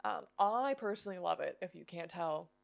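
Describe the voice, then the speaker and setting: A woman's voice: fairly low pitch, lively intonation, a little fast, vocal fry. A woman co-hosting a faith-based podcast in a chatty, down-to-earth way. She keeps her explanations basic and often checks in with her listeners. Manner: chatty, explains simply, frequent "you know" and "right?". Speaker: podcast co-host. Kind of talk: casual faith-based chat.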